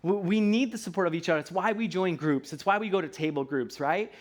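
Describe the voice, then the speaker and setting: A fast-talking, high-pitched man, likely in his thirties, preaches from a church sanctuary as the pastor. The sermon feels casual and conversational, sprinkled with "right?" and playful voices.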